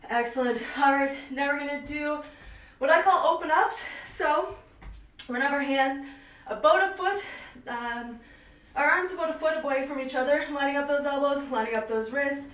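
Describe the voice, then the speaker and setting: A young woman from Canada, working as a fitness instructor, leads a live online class at home, upbeat and winded as she calls out reps and moves. Her high, somewhat bright voice keeps a moderate pace. She's far from the camera mic in a small room that echoes.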